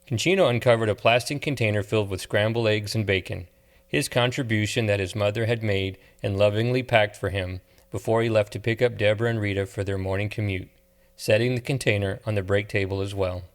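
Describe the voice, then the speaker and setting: Male audiobook narrator, lower voice, measured delivery. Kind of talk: scripted narration.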